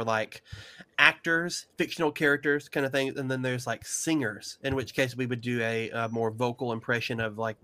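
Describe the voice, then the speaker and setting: A man co-hosting a podcast in casual chat, excitable and animated. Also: mid-range voice. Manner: excitable and animated, breaks into laughs. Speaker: podcast co-host.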